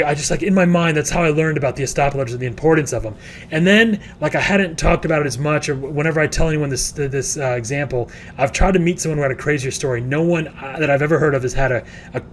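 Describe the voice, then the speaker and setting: A man's voice: fairly high pitch, slight background noise. A man, a real estate educator, telling a long story in a casual, rambling way with many restarts.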